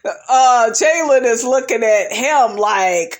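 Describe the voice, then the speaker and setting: A woman's voice: mid-range voice, animated, unhurried. A woman giving a blunt, brash and profane commentary on a reality TV episode, often breaking into laughter. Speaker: reality show recap vlogger.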